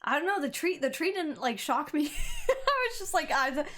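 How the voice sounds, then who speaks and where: Woman streamer, slightly high voice, excitable and rambling, game reaction chatter. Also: moderate pace. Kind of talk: let's-play reaction commentary.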